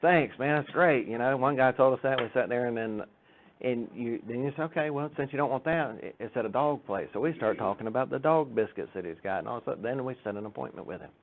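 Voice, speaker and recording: A church speaker gives an informal, chatty talk full of jokes, acting out the people in his stories. His medium-pitched voice moves at a quick pace, and the recording sounds tinny, like a phone.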